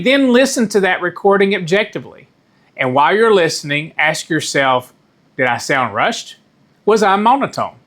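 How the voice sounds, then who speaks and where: A middle-aged man giving a measured, deliberate talk as a communication coach, stressing key words and now and then correcting himself. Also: a little high, fairly bright tone. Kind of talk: instructional talk to camera.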